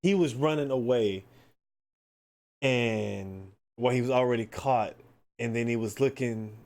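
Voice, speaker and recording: A man hosting his own podcast, chatting casually in a loose, excitable way, swearing freely and filling his talk with "like" and "man". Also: medium pitch, measured pace. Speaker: podcast host. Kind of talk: casual solo podcast chat.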